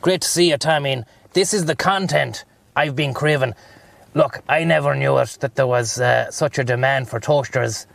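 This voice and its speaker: A man's voice: medium pitch, moderate pace, vocal fry, fairly bright tone, no room sound. An Irish man chatting casually and profanely while he livestreams from his car, rambling between thoughts. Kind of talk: casual chat while driving.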